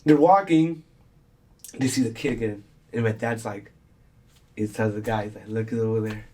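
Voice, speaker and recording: A young male podcast host tells a long story in a loose, rambling way, swearing freely and slipping into the voices of the people he quotes. His voice is husky and sits in a middle pitch. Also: expressive, moderate pace, warm tone. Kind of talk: casual storytelling chat.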